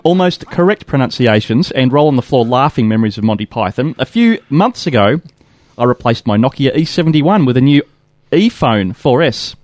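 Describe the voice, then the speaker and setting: A man co-hosting a casual tech podcast, reading listener letters aloud in a steady, even way. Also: medium pitch, fairly quick, hardly any pauses.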